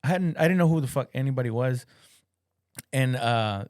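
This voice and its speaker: A man co-hosting a casual comedy podcast, telling a story in a halting, rambling way. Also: mid-range voice, animated, darkish tone, no echo, clean studio sound. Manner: halting, rambling recollection with restarts. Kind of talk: casual chat.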